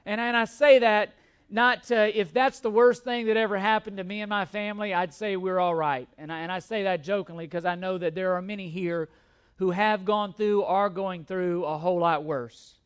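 A middle-aged male pastor preaching a sermon, telling a self-deprecating personal story with animated, humorous delivery before turning to scripture. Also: high voice, normal speed, clean tone.

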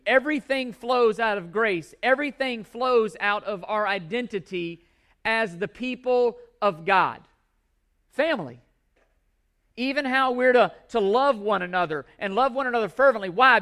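High-voiced man preaching emphatically. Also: animated, unhurried, a bit bright. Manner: emphatic, repeats key words for stress. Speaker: pastor. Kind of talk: sermon.

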